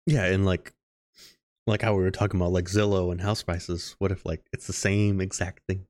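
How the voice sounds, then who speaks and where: A man's voice: low-pitched, little pitch movement, moderate pace, darkish tone, no echo, clean studio sound. A young man co-hosting a podcast in casual chat, slangy and spinning wild ideas. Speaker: podcast co-host.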